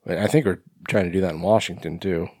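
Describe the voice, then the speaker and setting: A man with a low voice co-hosting a podcast in loose, rambling chat. He swears freely and leans on fillers as he talks. The sound is dry and close. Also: quick pace, darkish tone, no room sound. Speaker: podcast co-host. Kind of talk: casual chat.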